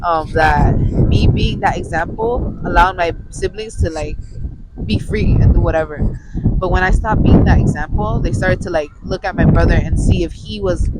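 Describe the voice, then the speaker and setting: A woman's voice: on the low side, moderate pace, heavy background noise. A young woman on a podcast, talking in a casual, rambling way and often restarting her sentences. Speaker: podcast co-host. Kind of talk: casual chat. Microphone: studio mic.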